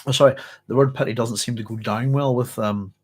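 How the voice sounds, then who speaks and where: A hoarse man hosting a book club, chatting casually and reading passages aloud with rambling self-corrections. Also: medium pitch, steady tone, brisk. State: hoarse, clearing his throat.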